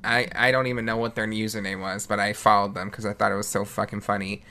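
A man's voice: fairly low pitch, level tone, quick pace, pushed and bright. A man hosting a podcast, chatting casually and animatedly, swearing freely and laughing often. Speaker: podcast host.

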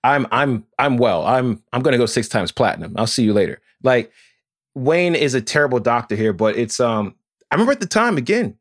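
A man co-hosting a podcast in casual chat, animated and profane, acting out quotes in put-on voices. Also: medium pitch, brisk, no echo, studio quality. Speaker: podcast co-host.

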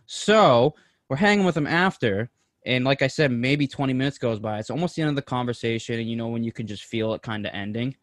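Excited bro telling a story. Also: male voice, mid-range voice, a little fast, dry recording, studio quality. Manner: excited, animated storytelling with lots of swearing and slang. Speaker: podcast co-host. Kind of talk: casual storytelling chat.

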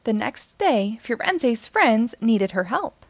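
A woman reads a children's picture book aloud in a gentle, expressive storytelling manner. Her voice sits fairly high with a noticeable vocal fry. The sound is dry and close. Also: slow, hardly any pauses, no echo.

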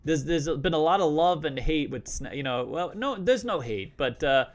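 A man's voice: on the high side, animated, moderate pace. A man hosting a casual live stream, talking loosely and joking with lots of restarts. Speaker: host.

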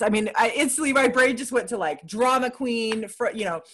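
A woman's voice: a little high, normal speed, few pauses, fairly bright tone, slightly rough. Candid woman telling a dramatic story. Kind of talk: casual chat about surgery recovery.

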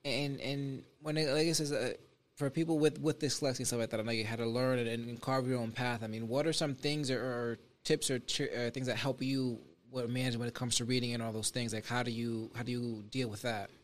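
A man's voice: mid-range voice, fairly even intonation, brisk. A man interviewing a guest, asking questions in a hesitant way and stopping often to find his words.

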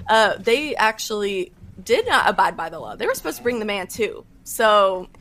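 A woman speaking as a podcast guest, giving earnest faith testimony in casual talk with quick bursts and fillers. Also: mid-range voice, lively intonation, a bit bright. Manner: earnest, fast-talking with fillers.

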